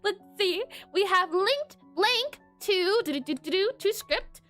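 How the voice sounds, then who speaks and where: A woman game developer chatting casually on a live stream while she codes, playful and quick to laugh. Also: extremely high pitch, animated, bright, forceful tone, soft background music. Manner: giggly and playful, laughs often.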